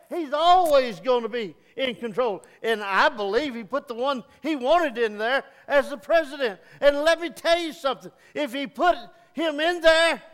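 A man's voice: extremely high pitch, fairly bright tone. A middle-aged male pastor preaching a sermon in a church sanctuary, folksy and plain-spoken, swelling into emphatic peaks. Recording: long reverb of a church hall.

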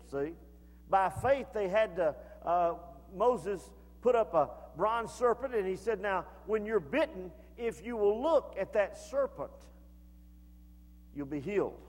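A man preaching a sermon as pastor, in a folksy way that builds to shouted fervor. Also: sits high. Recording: long hall reverb.

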